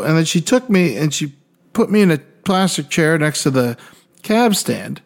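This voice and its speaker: A young man co-hosting a podcast, telling stories casually in an animated, profane way and acting out other people's voices. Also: fairly high pitch, normal speed, gravelly. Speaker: podcast co-host. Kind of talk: casual storytelling.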